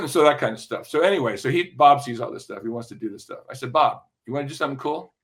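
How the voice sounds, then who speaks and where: An older man, a music industry veteran, telling animated, profane anecdotes in an interview and tagging his points with "right?". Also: mid-range voice, fast talker. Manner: lively, profane, keeps checking in with "right?".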